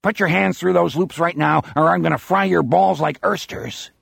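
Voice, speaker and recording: A man's voice: sits high, normal speed, creaky, no echo, clean studio sound, voice pushed up, exaggerated voice. A man voicing a menacing old male killer who growls, gloats smugly and sounds out of breath. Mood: gloating threat. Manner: growling, smug, excitable.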